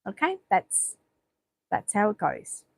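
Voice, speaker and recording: A woman's voice: medium pitch, wildly swooping pitch, takes it slowly, vocal fry, breathy edge, dry recording, poor audio. A middle-aged Australian woman chatting casually on a livestream, rambling and playfully bossy with her viewers. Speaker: livestream host. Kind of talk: casual live-stream chat reading comments.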